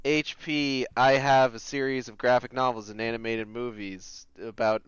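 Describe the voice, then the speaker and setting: Boston man, smooth voice, dry call audio. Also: mid-range voice, flat delivery, normal speed, few pauses, dry recording. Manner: laid-back, tangent-prone storytelling. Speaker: podcast guest. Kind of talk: casual chat. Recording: dry, slightly dull remote audio.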